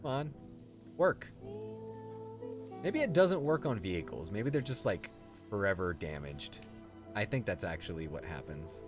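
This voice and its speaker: A man's voice: on the low side, animated, unhurried, pauses often, over music. A man streaming a video game, chatting casually and answering his chat as he plays. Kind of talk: casual gameplay commentary.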